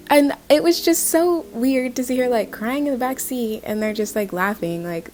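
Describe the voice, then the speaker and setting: A young woman in her early twenties talks through a video essay in a casual, chatty way. Her pitch leaps up and down as she gets worked up. She leans on "like" constantly. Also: normal speed, hardly any pauses. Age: young adult. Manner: animated, conversational, heavy use of "like". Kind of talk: casual commentary.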